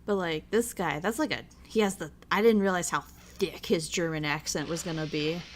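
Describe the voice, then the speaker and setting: A young woman chatting casually while watching a movie with her viewers, full of "like" and quick laughs. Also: lowish voice, a little hiss or hum, low-quality recording. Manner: chatty, lots of "like", frequent laughs. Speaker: streamer hosting a watch-along. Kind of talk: casual chat.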